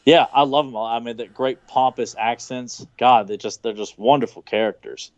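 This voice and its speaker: A man with a Southern US accent chatting casually as a podcast co-host, excited and rambling, with lots of fillers and restarts. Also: medium pitch, moderate pace, no room sound, muffled recording. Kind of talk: casual chat, watching a cartoon.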